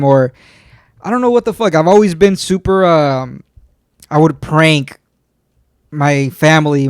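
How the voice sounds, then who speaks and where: A man's voice: on the high side, clean tone, no echo, studio quality. A man in his twenties co-hosting a podcast, telling stories in loose, profane casual talk. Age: 20s. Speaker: podcast co-host. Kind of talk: casual chat.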